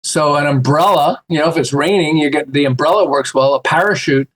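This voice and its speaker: A man with a slightly high voice chatting casually as a podcast guest. He tells lively stories and acts out the voices of the people in them. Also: fairly quick. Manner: animated, acts out quoted voices with laughs. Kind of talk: casual storytelling chat.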